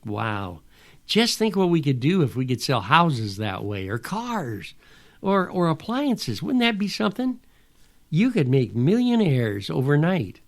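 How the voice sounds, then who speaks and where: A man's voice: fairly high pitch, big pitch swings, a little slow. Folksy sarcastic man hosting a podcast. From Pacific Northwest. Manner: folksy and sarcastic, rambling asides. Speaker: podcast host. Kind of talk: casual monologue.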